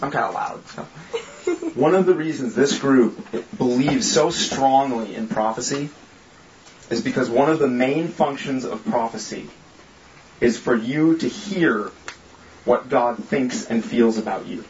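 A group leader delivers an informal sermon and prayer to a small group, casual and joking yet earnest. His medium-pitched, a little mellow voice is expressive and a little slow, recorded in an echoey room with slightly dull sound and slight background noise.

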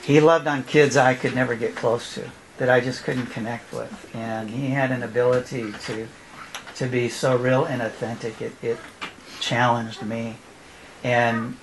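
A middle-aged man, a former youth pastor, telling a personal testimony at a church event, laughing often and acting out his children's voices. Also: mid-range voice. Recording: noisy live recording.

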